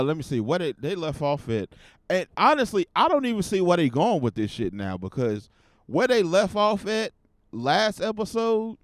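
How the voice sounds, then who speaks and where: A man hosting his own podcast, giving casual commentary in a profane, animated rant. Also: sits high, no room sound, studio quality. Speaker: podcast host.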